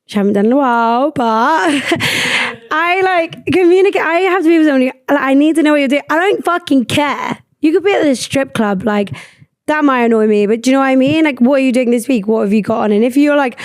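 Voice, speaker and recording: Young girl rambling on her pod, swears a lot, kinda high voice, dry close sound. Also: fairly quick, dry recording. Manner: rambling, animated, swears freely. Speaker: podcast host. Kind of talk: casual chat.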